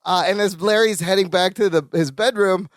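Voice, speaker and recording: A woman's voice: medium pitch, normal speed, no room sound. A woman co-hosting a podcast, chatting casually about a sitcom episode, laughing often and acting out the characters' lines. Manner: animated, laughs often, acts out quoted lines. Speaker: podcast co-host. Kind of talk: casual chat recapping a sitcom.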